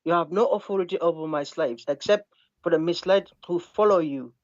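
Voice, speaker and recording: Calm male debater on a dull line. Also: fairly high pitch, brisk. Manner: calm, keeps asking to finish, reads verses aloud. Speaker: debate guest. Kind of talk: live online debate.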